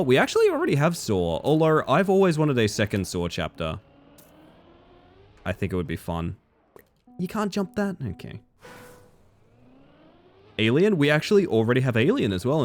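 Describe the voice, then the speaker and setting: A young man streaming a game live, chatting casually with viewers and swearing freely. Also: on the low side. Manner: casual and profane, reading and answering chat. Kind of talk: casual live-stream chat while gaming.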